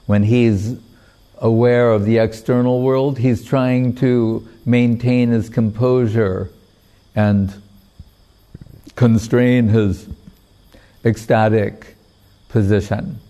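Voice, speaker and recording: A man giving a devotional talk, retelling a sacred story in a measured, unhurried way with pauses. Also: mid-range voice, mellow. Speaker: spiritual teacher.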